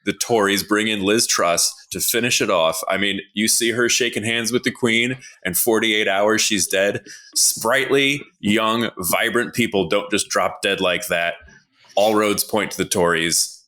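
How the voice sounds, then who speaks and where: A contestant on a comedy podcast pushes mock-serious conspiracy theories with a straight face, landing dry jokes. His voice is fairly low, bright and forceful, delivered at a measured pace.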